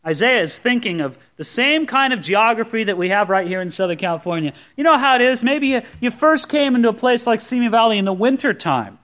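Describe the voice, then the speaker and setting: High bright-voiced male preacher. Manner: expository Bible teaching, conversational asides. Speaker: pastor. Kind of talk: sermon.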